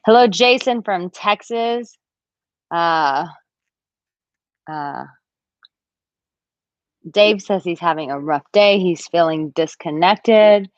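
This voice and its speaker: A woman in her thirties answers viewers on a live-stream, voicing their comments in playful squeaky impressions. Her voice sits a little low for a woman. The sound is dry and a bit dull, like a home webcam mic. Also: slow pace, long pauses, no room sound. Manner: chatty and animated, acts out quotes in a high squeaky voice. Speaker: dating and relationship coach. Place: villa room, at home.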